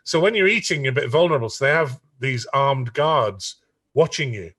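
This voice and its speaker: Lively man telling stories. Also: medium pitch, moderate pace, slightly rough, distant mic. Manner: lively storyteller who stumbles and repeats words. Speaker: songwriter guest. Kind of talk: animated anecdote telling.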